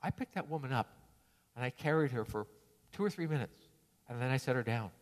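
A preacher voicing a calm, kind monk who speaks gently and unbothered. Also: male voice, medium pitch, a little fast, close to an everyday voice. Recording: reverberant hall.

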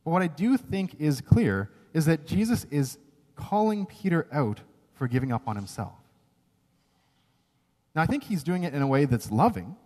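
A man delivers a sermon in a lively, higher-pitched voice that rises and falls freely. He speaks earnestly and emphatically, tossing in quick "right?" asides. His words ring out with the long reverb of a large hall. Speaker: preacher.

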